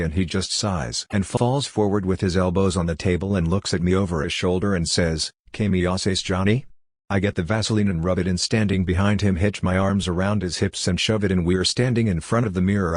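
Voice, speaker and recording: A man slowly reading his own literary fiction aloud in a deadpan, fragmented recitation. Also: low-pitched, dry recording, clean studio sound.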